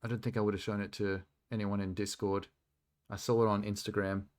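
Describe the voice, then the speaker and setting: Low-voiced man chatting over a game stream. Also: flat delivery, fairly quick. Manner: chatty, rambling, self-deprecating asides. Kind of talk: casual live-stream commentary.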